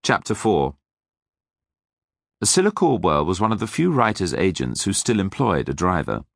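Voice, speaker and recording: A man narrating an audiobook in a wry, measured way. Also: low voice, very animated, gravelly, no echo, clean studio sound. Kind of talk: scripted narration.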